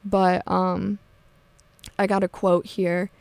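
A woman's voice: lowish voice, level tone, slow, gravelly, a little mellow, no echo. A young woman hosting a college radio show, talking loosely and casually with lots of fillers. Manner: chatty, loose, many fillers and "like"s. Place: radio studio.

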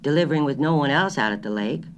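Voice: medium pitch, animated, fast talker, slight background noise, natural voice. A reader voicing a blunt, suspicious country grocer, a man who talks in firm, clipped rural phrases, in a storybook reading.

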